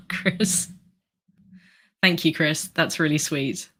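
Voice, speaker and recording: A woman's voice: deep voice, very slow, fairly bright tone. A woman in her thirties hosting a casual livestream, hesitant, with many ums and restarts as she reads out the chat. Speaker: livestream host.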